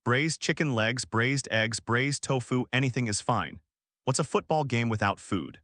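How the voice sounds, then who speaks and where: A man's voice: mid-range voice, lively intonation, normal speed, fairly bright tone, no echo, clean studio sound. A man reading as a laid-back boy wizard. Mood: easygoing. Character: relaxed, food-loving boy wizard student.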